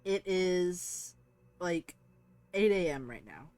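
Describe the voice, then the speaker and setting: A woman's voice: fairly low pitch, sing-song, slow, darkish tone, no echo. A woman game master narrating a tabletop game in a loose, rambling way, full of fillers.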